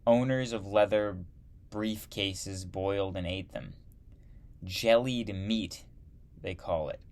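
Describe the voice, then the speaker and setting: A man teaching history, reading a textbook aloud slowly and adding wry asides. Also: low-pitched, a little mellow.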